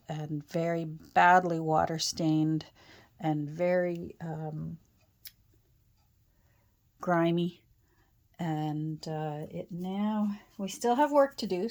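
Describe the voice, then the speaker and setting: Slow, chatty Canadian woman crafter. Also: fairly low pitch, a little mellow. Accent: Canadian, Ontario. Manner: rambling, chatty, with fillers and self-corrections. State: voice slightly off after a sore throat. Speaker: crafter and channel host. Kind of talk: casual chat while crafting. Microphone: own external microphone.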